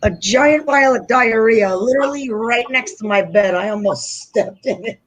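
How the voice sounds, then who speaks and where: A woman's voice: a little high, moderate pace, dull audio. A woman hosting a podcast, telling a story in casual chat, profane and laughing often. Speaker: podcast host.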